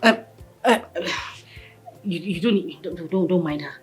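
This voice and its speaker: An actress with a Nigerian accent playing a wronged wife who mixes English and Pidgin in a Nollywood film. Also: female voice, fairly low pitch, a little slow, faint music behind, natural voice, low-quality recording. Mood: defensive. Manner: mixes English and Pidgin, stammers when cornered. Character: wronged wife, fiery when provoked.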